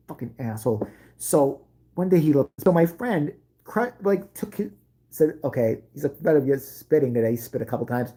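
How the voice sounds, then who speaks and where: A woman's voice: a bass voice, dark tone, slightly rough. A middle-aged woman telling a profane comic story about her school days, brash and laughing as she goes.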